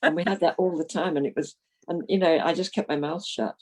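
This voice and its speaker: A woman's voice: sits low, fairly quick, rough recording. A woman in her eighties from London, talking freely about her past in an interview and laughing often as she tells stories. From London, England. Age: 80s. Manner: chatty, frank, laughs while telling stories. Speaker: retired minister, interviewee. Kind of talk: reminiscing interview.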